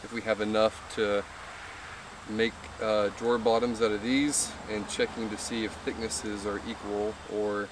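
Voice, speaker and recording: A man's voice: fairly low pitch, little pitch movement, moderate pace, recorded from a distance, noisy background. A man in a boatbuilding vlog chatting casually about materials in an easygoing, joking way. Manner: easygoing, laughing, joking self-talk. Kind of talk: casual workshop chat.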